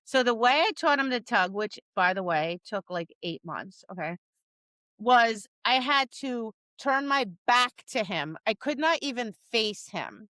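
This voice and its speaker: A woman's voice: on the high side, lively intonation, measured pace, pushed and bright, dry recording. A woman co-hosting a podcast about dog training, talking casually and acting out cheery voices and dog reactions. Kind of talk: casual chat.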